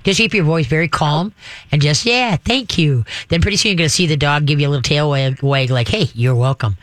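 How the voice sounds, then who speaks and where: A man hosting a call-in radio show as a dog trainer, animated and acting out little voices for dogs and owners. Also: fast, no echo. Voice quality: says he has a deep voice. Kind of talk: call-in advice talk.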